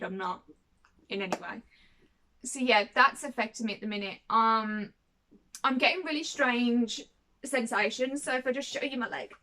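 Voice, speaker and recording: A woman in her twenties with a fairly high, fairly bright voice talks casually to camera as a vlogger. She is chatty and rambling, repeats herself, and keeps checking in with "you know what I mean".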